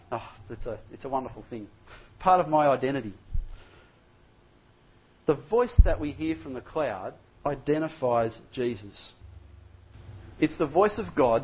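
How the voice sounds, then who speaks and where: A middle-aged pastor delivers a sermon in a fairly high, husky voice, chatty and full of little restarts before he builds into emphatic repetition. The recording is dull and lo-fi.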